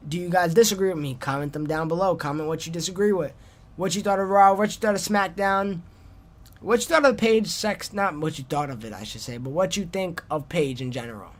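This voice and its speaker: On his solo wrestling podcast, a young male host speaks a little fast with a highish voice. His talk is loose and self-deprecating, joking about his clumsy sign-offs and restarting sentences as they trail away.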